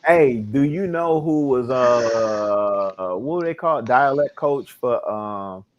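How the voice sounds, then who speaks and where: A man's voice: mid-range voice, animated, slow pace, highs cut off. A middle-aged man with a Chicago accent, talking in a rambling, laid-back way on a podcast and trailing into fillers. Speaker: podcast co-host. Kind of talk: casual chat.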